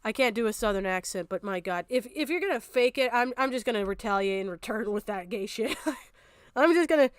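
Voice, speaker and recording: A woman's voice: fairly high pitch, expressive, a little fast, smooth, no room sound. A young woman streamer giving angry, profane reaction commentary, ranting hard and breaking into laughter.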